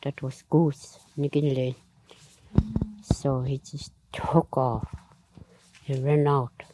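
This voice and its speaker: A woman telling a traditional story aloud in a halting, unhurried way, with frequent pauses, fillers and nonstandard grammar. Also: very deep voice, flat delivery, noisy background.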